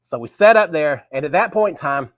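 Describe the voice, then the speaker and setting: Lively man telling a story. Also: on the high side, fairly quick, no echo. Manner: animated, acts out remembered dialogue. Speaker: host of a live talk show. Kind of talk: casual storytelling.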